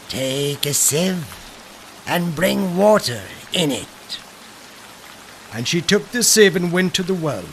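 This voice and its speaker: A man reading folk tales aloud in a slow, dramatic storytelling manner. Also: sits high, fairly bright tone, a little hiss or hum. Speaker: narrator. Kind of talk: scripted folklore narration.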